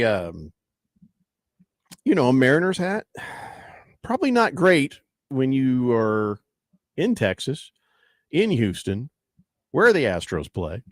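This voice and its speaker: Lively male sports radio host. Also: a little high, dry recording, studio quality. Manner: animated, reads listener texts aloud. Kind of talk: sports talk radio banter.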